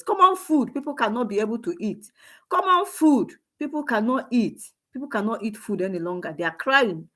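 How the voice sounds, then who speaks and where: Speaking in a fairly high, bright and very animated voice at a moderate pace, this Nigerian-accented woman gives online commentary. She grows emotional and preachy, repeats herself, exclaims, and calls on God.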